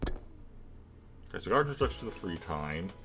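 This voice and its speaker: Casting note: quick lowish male reader, animated, music underneath. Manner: brisk, wry reading with joking asides. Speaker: game playthrough reader. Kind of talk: reading game dialogue aloud. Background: game music.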